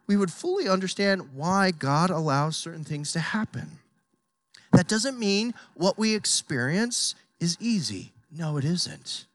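A preacher giving an impassioned, emphatic sermon, swinging from hushed to loud. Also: medium pitch, no room sound.

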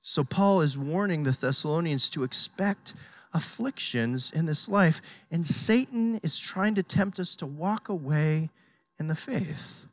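A preacher giving an impassioned, emphatic sermon, swinging from hushed to loud. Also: medium pitch, a little slow.

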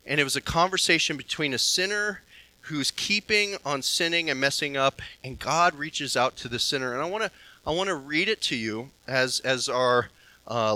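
A man preaching a sermon to a congregation, emphatic, swinging between soft passages and loud ones. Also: medium pitch, dry recording, low-quality recording. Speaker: pastor. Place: church hall with a congregation.

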